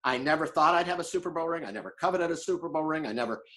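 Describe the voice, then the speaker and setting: An older man from Florida talks as a podcast guest with a slightly high voice. He tells animated stories and acts out the people he quotes. His talk is casual and lively. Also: rapid-fire. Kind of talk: casual storytelling chat.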